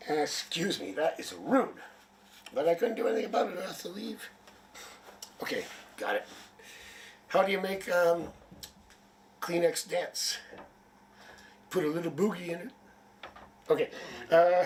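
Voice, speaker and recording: A man's voice: fairly high pitch, very animated, normal speed, long pauses, far from the mic, slight background noise. Chatty, rambling man reading tarot live. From Canada. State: sniffly with a headache. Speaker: tarot reader. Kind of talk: live-stream chat.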